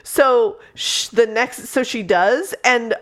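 A woman's voice: fairly high pitch, slow pace. A woman co-hosting a podcast, chatting casually about a book she disliked, swearing freely and acting out the characters' lines. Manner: animated, profane, acts out characters' lines. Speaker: podcast co-host. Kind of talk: casual book review chat.

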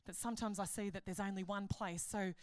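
A woman giving a sermon at a conference, chatty and animated, joking and laughing at her own stories. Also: medium pitch, brisk, no room sound, studio quality. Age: adult. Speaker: conference speaker, pastor.

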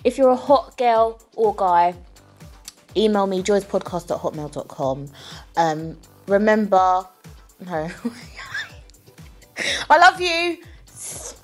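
A woman's voice: mid-range voice, slow, a little mellow, faint music behind. Rambling, giggly young woman podcaster. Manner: rambling, self-mocking, swears freely, giggly. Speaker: podcast host. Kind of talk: casual solo podcast outro.

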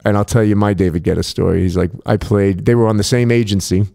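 A man's voice: lowish voice, fast talker, creaky. A man, a DJ, telling backstage stories in casual chat, swearing freely and acting out what others said. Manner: profane, animated, acts out quotes.

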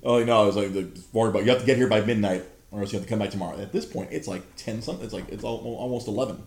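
A man's voice: fairly low pitch, rapid-fire, a little mellow. A man in his thirties hosting a podcast, telling an exasperated, profanity-laced story in casual chat. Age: 30s. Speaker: podcast host. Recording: roomy echo.

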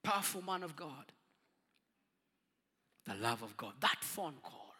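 A man preaching a storytelling sermon, dramatic and husky, swinging from booming to hushed. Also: big pitch swings, a little slow. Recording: long reverb of a large hall.

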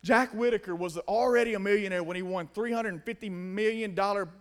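High-voiced man preaching a sermon. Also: fairly quick. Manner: emphatic, swings from loud to hushed.

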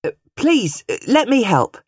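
A woman reading an audiobook, voicing a polite, gallant young male farmer with a restrained, gently apologetic manner. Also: a little high, big pitch swings, measured pace, slightly rough, no echo, studio quality, voice pushed up, full character voice. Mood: courteous.

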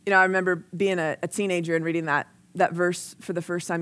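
A woman's voice: fairly low pitch, little pitch movement, fast, a bit bright. A young adult woman preaching a sermon in a casual, earnest way, sometimes acting out the people she quotes. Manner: conversational and earnest, acts out quoted voices.

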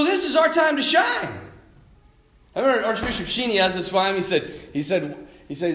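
Animated man telling stories in a roomy hall. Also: extremely high pitch, fast talker. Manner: animated storytelling, acting out quoted voices. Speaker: Catholic speaker. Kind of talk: lively faith talk to a group.

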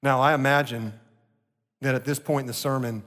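A male pastor delivering an earnest sermon, slowing down to stress key points. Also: mid-range voice, fairly even intonation, a bit bright. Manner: earnest preaching, slowing for emphasis. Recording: long reverb of a large hall.

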